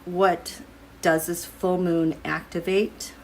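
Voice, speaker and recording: Slow, low-voiced woman reading tarot. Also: level tone, slight background noise. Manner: musing, thinking aloud while drawing cards. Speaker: tarot and astrology reader. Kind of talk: casual tarot reading to viewers.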